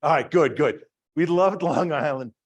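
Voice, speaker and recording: A man's voice: on the high side, moderate pace, lo-fi sound. Middle-aged man, Boston accent, engineering department head, talk to an audience, chatty, self-deprecating, many fillers. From Massachusetts. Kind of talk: lecture to an audience.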